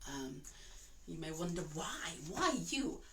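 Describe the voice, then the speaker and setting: Chatty Italian-born woman with a low voice. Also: sing-song, slow pace, creaky, pushed and bright, slight background noise, rough recording. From Italy. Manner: chatty, rambling, with many fillers and restarts. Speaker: opera singer and vocal coach. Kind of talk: casual chat to online class.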